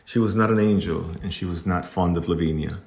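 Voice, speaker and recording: A man reading a classic storybook aloud in an even, unhurried narrating manner. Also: low voice. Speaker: audiobook narrator.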